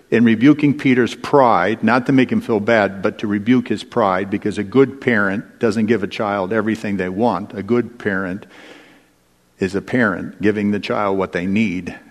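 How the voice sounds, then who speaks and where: A man preaching a sermon with a low voice, measured and deliberate, slowing down when he wants a point to land. His words ring out with the long reverb of a big hall.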